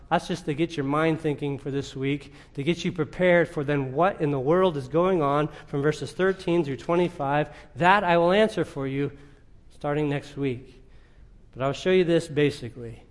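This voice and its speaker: Emphatic male preacher, slightly high voice. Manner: emphatic, rising to rhetorical questions; drawn-out, deliberate phrasing. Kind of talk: sermon.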